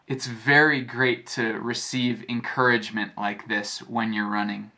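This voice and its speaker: An American man teaching a lesson as a story, speaking clearly and repeating phrases to explain them. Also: medium pitch, unhurried, hardly any pauses, sharp tone. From United States. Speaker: English teacher. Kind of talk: slow storytelling lesson for learners.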